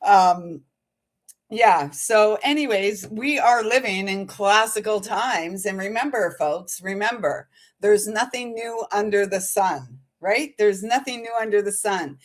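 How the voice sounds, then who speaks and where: A woman's voice: mid-range voice, measured pace. A middle-aged woman hosting her own spiritual channel, chatting to viewers in a bubbly, giggly way and breaking into bits of song. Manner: bubbly and giggly, sings snatches of songs. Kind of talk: casual chat to viewers.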